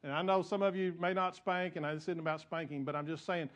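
A man's voice: fairly high pitch, steady tone, fairly quick. A male pastor, preaching a sermon in a conversational way that builds to emphatic peaks.

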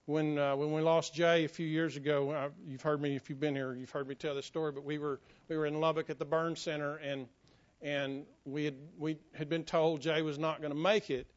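Folksy pastor preaching, higher voice. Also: male voice, flat delivery, fairly quick. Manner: folksy, self-joking, drops to a hushed tone for stories. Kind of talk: sermon. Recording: muffled lo-fi sermon recording.

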